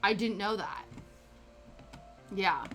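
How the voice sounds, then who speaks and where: A woman's voice: mid-range voice, slow, pushed and bright. A British woman streaming a crafting session, chatting casually and reacting to her chat with frequent laughs. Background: faint background music.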